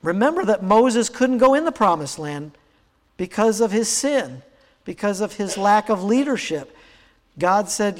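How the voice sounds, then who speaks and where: A man in his sixties preaching a sermon, telling a personal story in a halting way with many fillers and restarts. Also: high voice, sing-song, in a large hall. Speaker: pastor.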